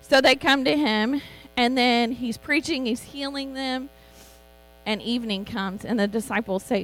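A middle-aged woman giving an informal, chatty sermon as a Bible teacher, animated and quick to laugh. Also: a little high, low-quality recording.

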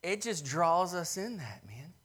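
A man preaching a sermon with passion, telling scripture stories in a conversational way and swinging from loud, emphatic peaks to hushed, soft lows. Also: very animated, unhurried, slightly rough. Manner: storytelling, retells scripture scenes conversationally.

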